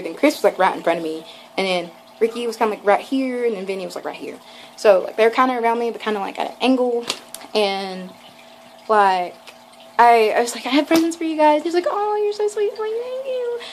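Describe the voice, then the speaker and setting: A young woman vlogging, telling a rambling, excited story full of "like" and quoted lines. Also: fairly high pitch, slight background noise, poor audio. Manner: gushing, rambling, lots of "like" and acted quotes. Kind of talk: casual storytelling vlog.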